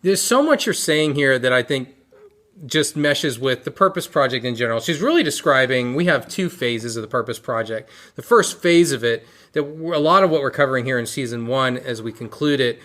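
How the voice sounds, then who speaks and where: Male host, mid-pitched voice, affirming, explanatory, casual interview. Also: expressive, brisk, fairly bright tone. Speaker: podcast host.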